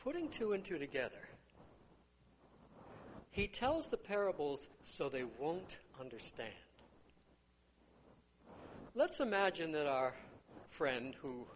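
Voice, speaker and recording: A man's voice: a little high, slight background noise. An older man preaching a sermon on a parable, talking conversationally and acting out the lines of the people in his stories. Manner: conversational storytelling with acted-out quotes.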